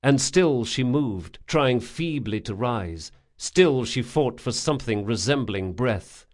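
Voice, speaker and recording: This is a man narrating a fantasy audiobook with a dramatic yet steady delivery. His voice is mid-range, and he takes the action at an even, measured pace.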